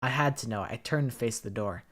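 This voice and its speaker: A woman's voice: extremely low pitch, brisk. A woman game streamer reading all the dialogue aloud, with wry joking asides. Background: game music.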